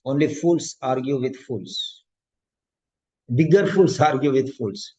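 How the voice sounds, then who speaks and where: A man coaching students for an exam, giving a preachy motivational talk in a mid-pitched voice and repeating lines for emphasis. The sound is dull and lo-fi. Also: slow, mellow. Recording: dull lo-fi lecture audio.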